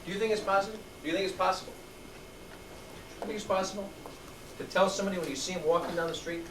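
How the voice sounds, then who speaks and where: The instructor, a middle-aged man, speaks very fast in a high-pitched, fairly even voice while coaching youth in a classroom. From a distance in a large, echoey, noisy space with student tables, he cheerfully encourages and calls out to the kids.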